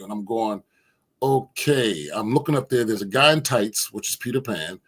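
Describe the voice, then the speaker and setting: A man's voice: fairly low pitch, normal speed, husky. A man, a former basketball player telling stories as a guest and acting out the quotes. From Philadelphia, USA. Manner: animated storyteller who acts out quotes. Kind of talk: casual storytelling interview.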